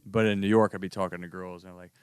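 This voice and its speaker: A man's voice: deep voice, flat delivery, rapid-fire, darkish tone, clear, resonant tone, no room sound, clean studio sound. A man guesting as a comedian, chatting in a rambling, profane way and laughing often. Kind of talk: casual chat.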